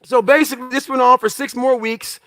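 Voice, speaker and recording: Pushed and bright, this man's very high voice stays steady as he speaks fairly quickly. As a motivational speaker, he recounts his life to an audience in emphatic bursts of blunt, profane phrasing, voicing his old thoughts.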